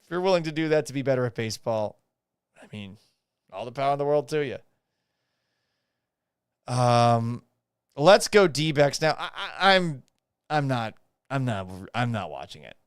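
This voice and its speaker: A man's voice: mid-range voice, normal speed, pauses often, clear, resonant tone, dry recording, clean studio sound. A man hosting a live podcast stream, ranting casually and profanely while reading chat comments. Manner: profane, animated and sarcastic. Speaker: podcast host reacting to a baseball loss.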